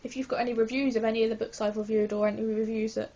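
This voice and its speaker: A woman's voice: on the high side, level tone, very fast, warm tone, lo-fi sound. A woman vlogging a casual book review, hyper and giggly, rambling with lots of apologetic asides.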